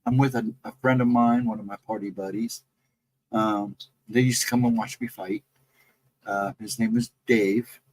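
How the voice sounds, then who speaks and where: A man's voice: lowish voice, steady tone, moderate pace, a little mellow, low-quality recording. A man casually recounting his own ghost encounters in a rambling, self-correcting way. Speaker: guest storyteller.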